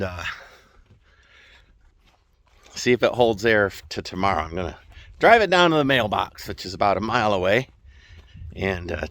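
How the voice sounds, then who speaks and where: A man's voice: mid-range voice, a bit bright. A man vlogging outdoors while fixing a trailer tire, rambling in a folksy way and short of breath. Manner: rambling, folksy, chuckling asides. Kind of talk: casual outdoor DIY vlog. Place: outdoors on rural land.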